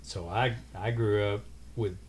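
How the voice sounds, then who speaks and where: A man's voice: lowish voice, steady tone, measured pace, slight background noise. A man chatting as a podcast guest, telling reflective stories. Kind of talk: casual chat.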